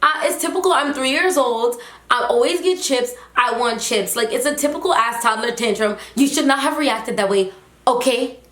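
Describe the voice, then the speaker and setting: A young woman vlogger telling a story in a casual, animated, slangy and emphatic way. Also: a little high, moderate pace. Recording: roomy echo.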